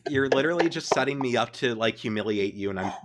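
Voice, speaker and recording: A man's voice: mid-range voice, expressive, fast, heavy background noise. A man co-hosting a comedy podcast, trading blunt, mock-insulting jabs and swearing in casual banter. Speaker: podcast co-host.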